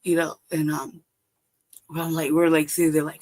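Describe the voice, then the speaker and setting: A woman's voice: sits low, little pitch movement, a little fast, pauses often, a little mellow. La woman telling a story on a stream call, cussing a lot, laughing as she goes. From Los Angeles, California. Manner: profane, laughs often mid-story. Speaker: livestream guest. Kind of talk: casual storytelling. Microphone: livestream call.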